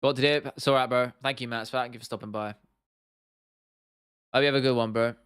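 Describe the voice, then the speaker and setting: A man's voice: medium pitch, fairly even intonation, quick pace, fairly bright tone, smooth, no room sound, clean studio sound. A young man hosting a casual livestream and answering viewers, blunt and opinionated, swearing freely and often restarting his sentences. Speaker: livestream host.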